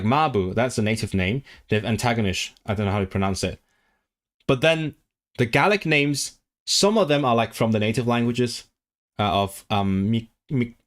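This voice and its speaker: Rambling man chatting on a livestream. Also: mid-range voice. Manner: rambling, frequent restarts and fillers, reads chat aloud; enthusiastic about languages. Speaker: language streamer. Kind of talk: casual livestream chat.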